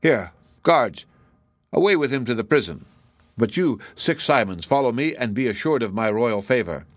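Voiced by a man, a stern fairy-tale king gives orders in short, abrupt bursts. The sound is dry and close. His pitch sits in an ordinary middle range. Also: expressive, a little fast, no room sound, lightly acted. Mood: regal. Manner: commanding, abrupt outbursts. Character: stern older male king, commanding.

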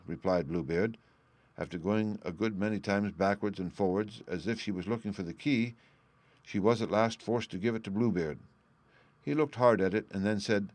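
A man reading a fairy tale aloud as a storyteller, in a steady, measured way. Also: lowish voice, dry recording.

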